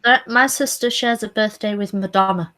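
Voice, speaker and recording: Woman, late twenties, giggly, laid-back voice chat, mid pitch. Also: normal speed, background noise. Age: 20s. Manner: giggly, laughs often. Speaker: artist. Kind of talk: casual voice chat.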